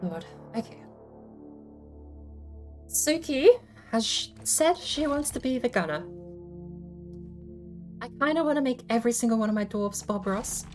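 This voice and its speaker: A woman's voice: fairly high pitch, lively intonation, a little slow, pauses often, faint music behind. A woman hosting a casual livestream, thinking aloud as she explains her game build ideas. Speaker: streamer host.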